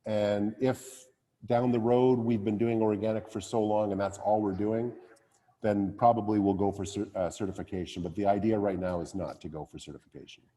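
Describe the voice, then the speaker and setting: A man's voice: fairly low pitch, fairly even intonation, normal speed, mellow, big-room sound. A man, a winemaker, speaking casually at a wine tasting, with many fillers and restarts. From Canada.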